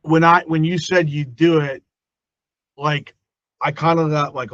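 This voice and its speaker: Male podcast host, eager and chatty, higher voice, dull lo-fi audio. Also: moderate pace, a bit bright, no room sound. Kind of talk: casual interview chat. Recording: dull, dry lo-fi sound.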